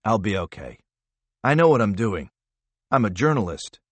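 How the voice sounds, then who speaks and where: A man reading a calm, capable male operative. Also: lowish voice, normal speed, slightly rough, dry recording.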